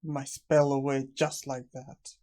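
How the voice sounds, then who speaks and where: A man's voice: mid-range voice, little pitch movement, takes it slowly, mellow, lightly acted. Kobold Lord: a man reading as a boastful monster lord.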